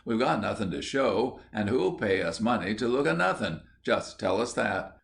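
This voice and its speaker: A man's voice: on the low side, very animated, moderate pace, creaky. A man voicing a quarrelsome schoolboy who answers with sarcasm and argues back in an audiobook. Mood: argumentative. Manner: sarcastic, argumentative.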